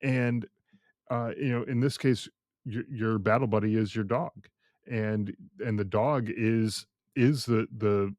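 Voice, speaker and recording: A man hosting a podcast, talking thoughtfully with many pauses, "um"s and restarts. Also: lowish voice, steady tone, darkish tone, no room sound, clean studio sound. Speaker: podcast host. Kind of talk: casual podcast conversation.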